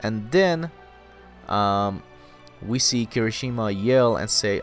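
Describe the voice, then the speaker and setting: A man casually recapping an anime episode, excitable and full of "you know" fillers. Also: on the low side, slow pace, pauses often, soft background music.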